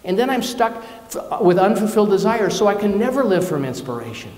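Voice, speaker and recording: A man's voice: high-pitched, sing-song, fairly quick, darkish tone. A man preaching a conversational sermon as minister, candid and personal, telling stories with self-deprecating asides. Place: church or spiritual centre hall. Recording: echoey hall with long reverb.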